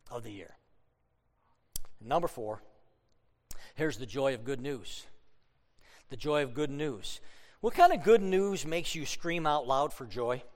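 A man preaching a sermon, telling stories with humor and sudden loud outbursts. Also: on the high side, in a large hall. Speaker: pastor.

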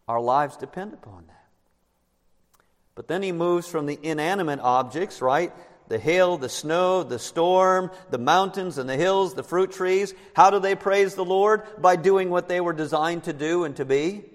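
A male pastor preaching a sermon to his congregation, emphatic and slowing down on key words. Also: high voice. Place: church sanctuary. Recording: long reverb in a large church.

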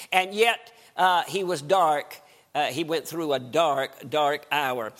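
An older man, preaching a sermon in a folksy, storytelling way with dramatic swings in pitch. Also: takes it slowly, fairly bright tone. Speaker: guest preacher.

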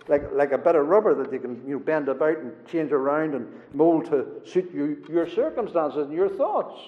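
A man preaching a sermon in an earnest, emphatic way, his phrases often falling soft at the end. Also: lively intonation, normal speed. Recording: echoey hall, dull low-fi sound.

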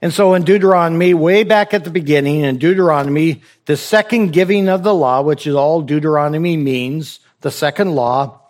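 A man's voice: fairly high pitch, a little fast, hardly any pauses, a little mellow. A man preaching a sermon to his congregation, pressing his point with rhetorical questions and repeated phrases. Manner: exhorting, rhetorical questions, repetition for emphasis. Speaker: pastor.

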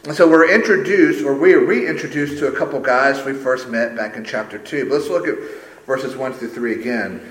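A man's voice: mid-range voice, moderate pace, a bit bright. A man preaching a sermon as a pastor, emphatic and conversational. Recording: roomy echo.

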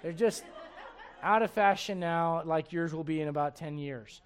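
A man's voice: on the high side, moderate pace. A middle-aged man preaching a sermon, acting out quoted voices and laughing at his own jokes. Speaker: pastor.

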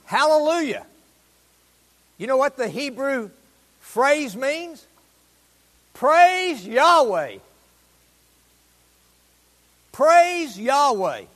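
High-voiced exuberant pastor preaching. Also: male voice. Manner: exuberant, rising to loud proclamations. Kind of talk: sermon. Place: church sanctuary. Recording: long reverb of a church hall.

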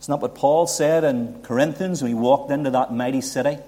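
A man's voice: mid-range voice, fairly quick, mellow. A man preaching a sermon, building emphasis and asking rhetorical questions. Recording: long hall reverb.

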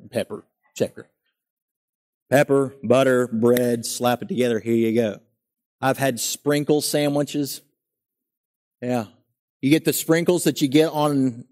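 A young adult man with a mid-range voice preaches a sermon. He builds his phrases earnestly and emphatically, then lets them drop into a calm, quiet tone.

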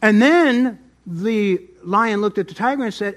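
Middle-aged man, pastor, high-pitched voice, sermon, loud then soft. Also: unhurried. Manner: swings between loud emphasis and soft asides.

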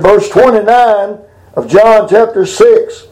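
Older guy preaching, kinda high voice, folksy, drags out the bible verses slow. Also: a little mellow, roomy sound, low-quality recording. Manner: colloquial, drawls scripture slowly and with emphasis. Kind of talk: folksy sermon.

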